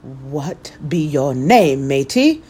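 A woman voicing a loud, blustering male pirate captain in a children's storybook reading, with gruff pirate talk. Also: a bass voice, big pitch swings, slow, voice pushed down, exaggerated voice. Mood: hearty.

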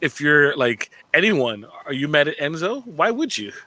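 Guy chatting on a podcast, bright forceful voice, jumps into goofy impressions. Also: on the high side, normal speed. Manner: animated, mimics contestants with slangy impressions. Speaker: podcast co-host. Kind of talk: casual chat.

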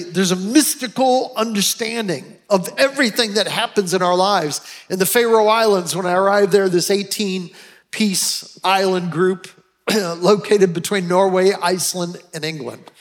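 An American man preaching a sermon, telling personal travel stories in a heartfelt, emotional way with frequent restarts. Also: high voice. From United States. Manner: storytelling, emotional, with many restarts. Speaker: pastor.

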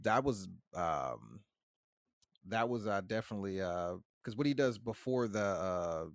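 A man's voice: fairly low pitch, lively intonation, unhurried, no echo, clean studio sound. A man co-hosting a podcast, cracking jokes about a movie with lots of hesitations. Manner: wisecracking, hesitant, full of filler sounds. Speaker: podcast co-host. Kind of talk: casual chat about a movie.

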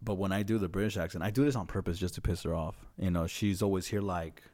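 A man's voice: sits low, steady tone, quick pace, darkish tone. Rambling, profane young man. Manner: rambling, profane storytelling with quoted voices. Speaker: podcast co-host. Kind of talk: casual podcast chat.

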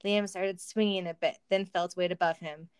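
A woman's voice: fairly low pitch, steady tone, moderate pace, clear, resonant tone, no echo. A woman reading a silly story aloud for comedy, with wry asides and laughter. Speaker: reader of a fan story.

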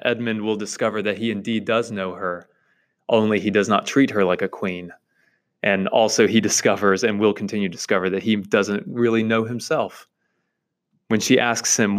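A man's voice: on the low side, steady tone, normal speed. A man hosting a literature podcast, emphatically lecturing on a novel chapter in repeated lists. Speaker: podcast host teaching literature. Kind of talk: reading and analysing a novel chapter.

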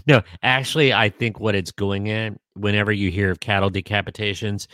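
A man co-hosting a podcast in casual chat, joking dryly and pausing often with ums. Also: on the low side, steady tone, a bit bright, no room sound. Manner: dry joking, hesitant with many ums. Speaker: podcast co-host.

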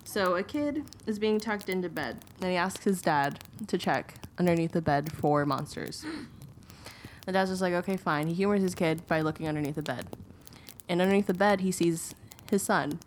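A woman's voice: on the low side, slight background noise, poor audio. A woman co-hosting a podcast, telling short scary stories and chiming in, laughing easily. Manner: lively, laughs easily, quick to chime in. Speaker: podcast co-host.

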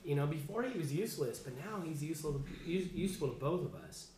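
A man's voice: a little high, expressive, fast, darkish tone. A man leading an informal Bible study class, casual and chatty, often restarting his sentences. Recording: echoey room, faint background noise.

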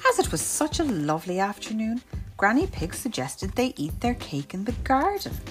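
A woman's voice: fairly high pitch, huge pitch swings, normal speed, faint music behind. A woman reading a picture book aloud to a young child in a sing-song way.

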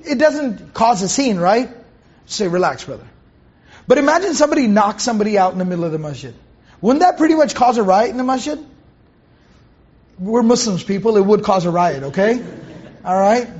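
A man's voice: high-pitched, a little mellow, breathy edge, muffled recording. A man teaching a Quran commentary lecture to students in a conversational way, repeating phrases, asking rhetorical questions and reciting Arabic verses.

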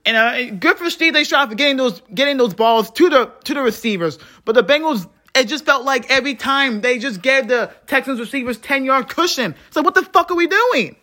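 A man hosting a solo sports podcast, ranting in frustration, swearing freely and swinging between low mutters and heated outbursts. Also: bright, forceful tone. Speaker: podcast host.

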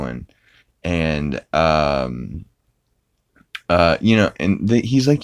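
A man's voice: extremely low pitch, very animated, drawn-out words, pauses often, smooth, no echo. A man hosting a podcast, casually retelling a cartoon episode with plenty of fillers and chuckles. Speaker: podcast host.

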